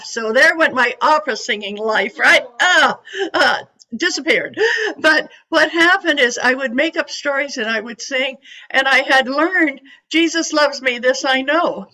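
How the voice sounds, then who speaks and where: A woman in her eighties from California, a psychic medium telling her story to an audience in a chatty, animated way. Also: sits high, moderate pace, low-quality recording. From California, USA. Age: 80s.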